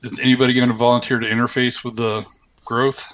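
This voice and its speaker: A man's voice: mid-range voice, flat delivery, fast talker, fairly bright tone, low-quality recording. A man playing in a tabletop game, speaking in an easygoing, matter-of-fact way. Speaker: player. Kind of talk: casual tabletop play chat.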